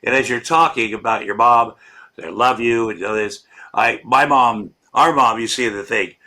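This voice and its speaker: A man's voice: medium pitch, normal speed, bright, forceful tone. A man hosting a podcast, chatting casually and laughing along readily. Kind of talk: casual chat.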